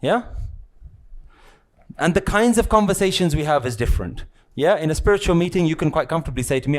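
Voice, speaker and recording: With a fairly high, expressive, darkish voice, a man briskly gives a spiritual lesson to a live crowd. He keeps it casual and teasing, frequently checking in with "yeah?" and "right?".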